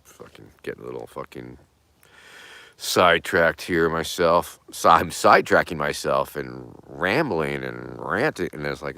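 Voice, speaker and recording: A middle-aged man hosting a livestream, chatting in a rambling, profane way that often trails off softly. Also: very deep voice, expressive, a little slow, vocal fry, dry recording. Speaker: livestream host. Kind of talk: rambling casual livestream chat.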